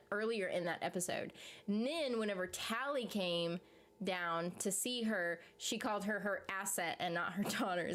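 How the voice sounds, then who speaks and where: Chatty woman reading stream comments. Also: medium pitch. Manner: chatty, rambling, laughs often, reads comments aloud. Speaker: YouTube streamer reading chat. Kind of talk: casual live-stream chat about a TV series.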